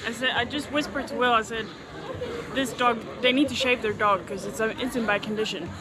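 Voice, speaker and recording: A woman's voice: fairly high pitch, steady tone, fairly quick, over music, crowd noise. A woman travel vlogger earnestly telling how she was made uncomfortable, speaking casually to camera. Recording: clear street noise behind.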